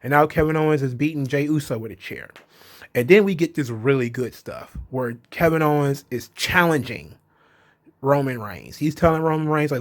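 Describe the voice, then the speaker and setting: A man's voice: medium pitch, brisk. A man casually recapping a wrestling show, chatty and profane, retelling scenes and quoting the wrestlers as he goes.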